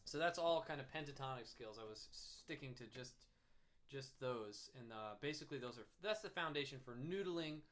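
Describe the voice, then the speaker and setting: A man's voice: medium pitch, fairly quick. Casual man teaching guitar soloing. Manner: relaxed, explaining with fillers, hums and sings snippets. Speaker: music teacher. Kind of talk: casual instrument lesson. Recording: faint guitar music behind.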